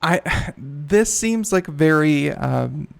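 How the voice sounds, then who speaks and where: A man's voice: on the high side, animated, takes it slowly, vocal fry, clean tone. A man hosting a computer talk show, chatting casually and rambling with many fillers and restarts. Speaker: radio talk show host. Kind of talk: casual chat.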